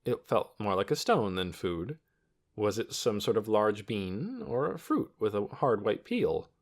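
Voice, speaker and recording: A man narrating a children's novel audiobook in an expressive storytelling manner. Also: fairly low pitch, measured pace. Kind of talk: scripted narration.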